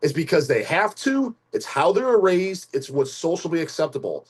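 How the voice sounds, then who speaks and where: A man's voice: fairly high pitch, very animated, normal speed, slightly rough. A man hosting his own podcast, talking laid-back and profane, laughing easily as he chats. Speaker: podcast host, channel creator. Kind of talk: casual podcast chat.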